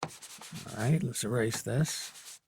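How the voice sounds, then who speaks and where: At a whiteboard, a man teaches a class slowly and deliberately, often checking in with his students. His mid-range voice is a little mellow with a breathy edge.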